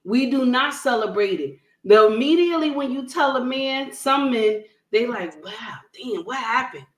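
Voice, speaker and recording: A woman's voice: sits high, normal speed. A woman on an online panel telling a personal story, emphatic and checking in with "okay?" and "right?" as she talks. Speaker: panel guest. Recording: roomy echo.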